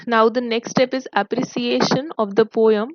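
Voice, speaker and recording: A woman teacher explaining a poem's devices to her students in a recorded online lesson, speaking in a measured, explanatory way. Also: fairly high pitch, steady tone, no echo, dull audio. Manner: slow, explanatory, addresses students. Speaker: school English teacher.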